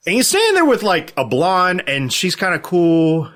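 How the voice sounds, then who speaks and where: A bright-voiced man in his thirties tells a long anecdote on a podcast, full of pitch swings as he jumps into other people's voices. His tone is lively and animated, with sudden high exclamations. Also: moderate pace. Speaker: podcast guest storyteller. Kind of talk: casual podcast storytelling.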